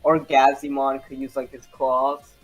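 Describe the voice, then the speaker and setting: A man's voice: medium pitch, monotone, unhurried, muffled recording, faint music behind. A man player in a tabletop game, talking in a hesitant, chatty way. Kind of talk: casual chat at a game table.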